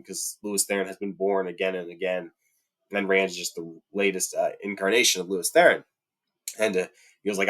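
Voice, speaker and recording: Fired-up man ranting, pitch rising. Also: steady tone, fairly quick, fairly bright tone. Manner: heated, rising to high-pitched indignation, many fillers. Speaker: book fan commentator. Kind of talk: casual rant about a TV adaptation.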